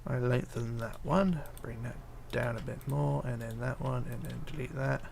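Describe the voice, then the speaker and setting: Gravelly-voiced man chatting on a stream. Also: medium pitch, moderate pace, darkish tone, a little hiss or hum. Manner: reads viewer comments aloud, hesitant with fillers, mutters while counting. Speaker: livestreamer. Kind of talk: casual live stream chat while building.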